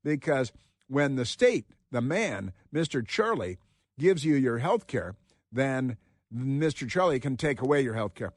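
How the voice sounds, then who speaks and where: A man hosting a talk radio show, delivering combative, sarcastic commentary with frequent halting restarts. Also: medium pitch, very animated, dry recording, studio quality.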